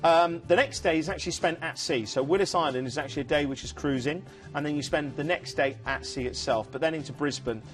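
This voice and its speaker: A man's voice: on the high side, quick pace, soft background music. A man presenting a TV cruise sales show, chatting enthusiastically and rambling with fillers. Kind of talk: casual studio sales chat. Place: TV studio.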